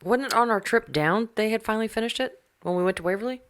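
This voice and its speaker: A woman's voice: a little high, quick pace. A woman co-hosting a podcast in casual chat, adding blunt, wry remarks. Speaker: podcast co-host.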